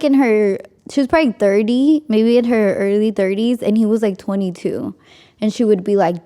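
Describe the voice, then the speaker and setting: A young woman with a mellow, medium-pitched voice hosts a podcast and tells a story in casual chat. She's chatty, says "like" constantly, and laughs often.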